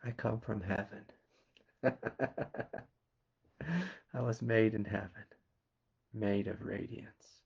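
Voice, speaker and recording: A man from Kentucky with a Southern accent, a spiritual teacher giving a slow, meditative satsang talk and asking quiet questions between soft laughs. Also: on the low side, little pitch movement, vocal fry, slightly rough, highs cut off. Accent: Southern American. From Kentucky, USA.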